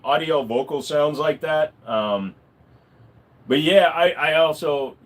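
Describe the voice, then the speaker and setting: A man chatting casually on a livestream, rambling and swearing freely. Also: on the high side. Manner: animated, swearing, rambling with fillers. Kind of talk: casual live-stream chat.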